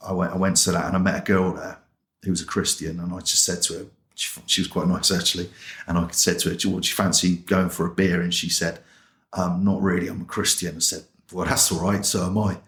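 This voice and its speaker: Guy, low voice, telling his own life story, plain and chatty, acts out the dialogue, echoey room. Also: level tone, a little fast, a bit bright. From England. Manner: plain-spoken and colloquial, acting out remembered dialogue. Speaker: chaplain and interview guest. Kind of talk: personal testimony told as a story.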